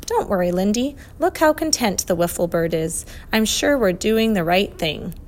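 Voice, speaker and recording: A woman voicing a clever, kindly male professor in a storybook reading, brisk and reassuring. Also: medium pitch, big pitch swings, close to an everyday voice.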